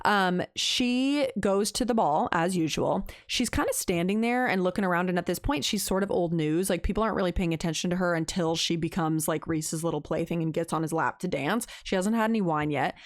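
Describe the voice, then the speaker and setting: A woman's voice: lowish voice, a little fast, few pauses, no room sound. Woman recapping a book, dry sound. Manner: animated retelling with acted quotes. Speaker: podcast co-host. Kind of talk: casual book recap chat.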